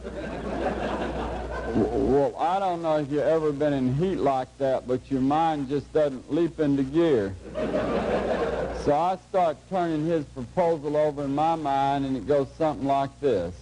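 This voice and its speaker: A middle-aged man gives a lecture to a class, telling a humorous story in a dry, unhurried, folksy way. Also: a little high, mellow, a little hiss or hum, low-quality recording. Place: lecture hall before a live audience.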